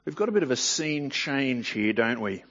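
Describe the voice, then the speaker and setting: A man's voice: medium pitch, big pitch swings, normal speed, fairly bright tone, muffled recording. A man reading scripture aloud and commenting on it in a conversational way, often asking the listener rhetorical questions. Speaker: Bible teacher.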